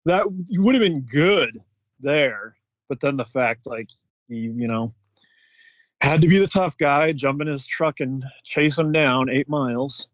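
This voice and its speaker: A man's voice: mid-range voice, unhurried, dry recording. A man co-hosting a podcast in a laid-back, casual way. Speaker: podcast co-host. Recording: dull, dry podcast recording.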